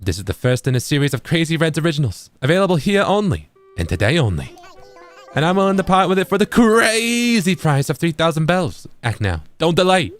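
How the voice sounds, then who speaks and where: A slippery, pushy fox merchant, put on by a man reading game lines aloud leans into every pitch with wheedling patter. His voice swings up and down with salesman flair. Faint game music sits underneath him. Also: very animated, a little fast. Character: sly, pushy fox merchant, male, middle-aged.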